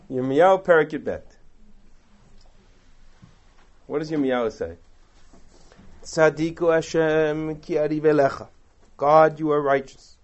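A man's voice: a little high, lo-fi sound. A man, a rabbi, giving a text study lecture, asking rhetorical questions and reciting verses, then translating them. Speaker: rabbi teaching a class.

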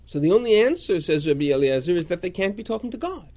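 Male teacher, higher voice, animated and lively, reading passages aloud and explaining them. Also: fast talker, lo-fi sound. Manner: animated, reads Hebrew and Aramaic then translates. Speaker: Talmud class teacher. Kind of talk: text study class.

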